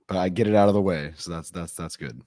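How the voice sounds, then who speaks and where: A man's voice: low-pitched, fast, mellow, no room sound, studio quality. A man co-hosting a podcast while sick, his voice nasal and congested but his tone cheerful. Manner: cheerful despite illness. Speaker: podcast co-host. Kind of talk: casual podcast chat.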